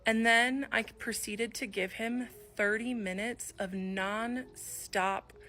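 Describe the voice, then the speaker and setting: A woman's voice: fairly high pitch, fairly even intonation, measured pace, sharp tone. A woman telling a personal story in confessional style, acting out the dialogue she quotes. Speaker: video storyteller.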